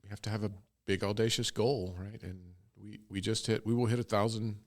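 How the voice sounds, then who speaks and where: Interviewed casually as co-founder of a bunny ministry, a man rambles enthusiastically and laughs along the way. His voice is fairly low and darkish, with fairly even intonation and a slightly fast pace.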